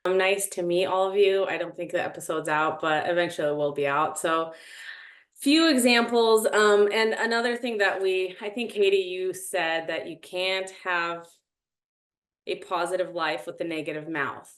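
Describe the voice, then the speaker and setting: A woman in her thirties sharing her experience in a casual, animated, self-dramatizing way. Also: on the low side, normal speed, echoey room. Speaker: reality show contestant. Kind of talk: casual group chat.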